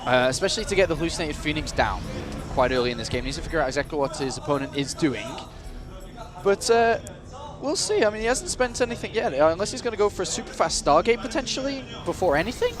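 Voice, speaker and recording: British man, esports caster, animated pitch, slightly high voice, music underneath. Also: fast talker. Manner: lively, self-deprecating, corrects himself. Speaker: esports commentator. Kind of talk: live game commentary.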